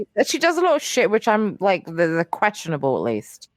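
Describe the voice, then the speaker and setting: A woman's voice: mid-range voice, wildly swooping pitch, brisk, no echo, clean studio sound. A young woman co-hosting a podcast in casual chat, rambling with lots of fillers and casual swearing. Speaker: podcast co-host.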